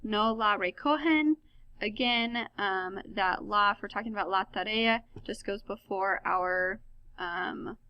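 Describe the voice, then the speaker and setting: A woman's voice: medium pitch, unhurried, no room sound, dull audio. A woman explaining grammar step by step in a recorded lesson, correcting herself with fillers as she goes. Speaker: Spanish teacher.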